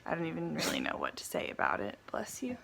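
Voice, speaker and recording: A young woman telling a personal story on her vlog, animated and often laughing. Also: deep voice, fast, vocal fry, slight background noise, low-quality recording. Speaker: vlogger.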